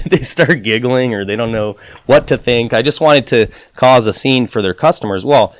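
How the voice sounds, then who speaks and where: A man's voice: mid-range voice, moderate pace, hardly any pauses, no room sound. A man guest on a podcast, telling a story in casual talk, full of "you know" and fillers, acting out the quotes he retells. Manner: acts out quotes with raised voice. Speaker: podcast guest, advantage gambler.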